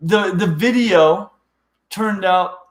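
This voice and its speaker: A middle-aged man chatting on a live stream with a fairly high voice, tumbling eagerly through his thoughts and restarting sentences. The room around him is echoey. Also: slow pace. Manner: rambling, restarts often, eager. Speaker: host of a reptile channel. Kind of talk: casual live-stream chat.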